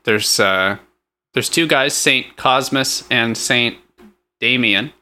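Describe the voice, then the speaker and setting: A man's voice: mid-range voice, takes it slowly, sharp tone. Dry, questioning man playing it straight. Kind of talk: improvised comedy banter.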